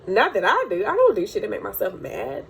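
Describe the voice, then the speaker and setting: A woman's voice: mid-range voice, sing-song, brisk, vocal fry, a bit bright, a little hiss or hum. A young woman talking bluntly and with swearing in an emotional personal vlog, teary at times, about getting through hard times. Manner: blunt, profane, preachy, tearful at times. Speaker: crystal healing channel owner.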